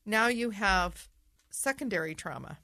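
A woman interviewer speaking in a measured, reflective way, affirming her guest. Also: mid-range voice, expressive, sharp tone, no room sound, clean studio sound. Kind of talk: empathetic interview conversation.

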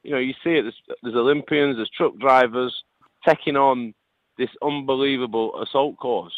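A man's voice: mid-range voice, moderate pace, no echo. Lancashire bloke in his late 30s calling in, phone line sounds tinny, dry, jokey and rambly. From England. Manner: jokey, chatty, repeats words. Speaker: guest. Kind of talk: casual radio chat.

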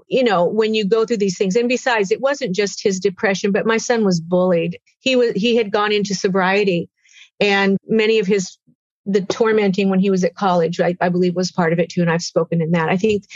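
A woman in her sixties giving an earnest personal testimony as an interview guest, halting and tearful at times. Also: medium pitch, dry recording, lo-fi sound.

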